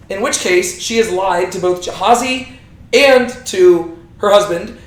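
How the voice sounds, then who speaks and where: A young man with a fairly high voice leads a relaxed Bible study, chatty and animated, often checking in with his listeners. His voice rings in a roomy, echoing space. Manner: lively, conversational, asks the group questions. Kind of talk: casual Bible study teaching. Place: echoey room with a small group. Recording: roomy echo.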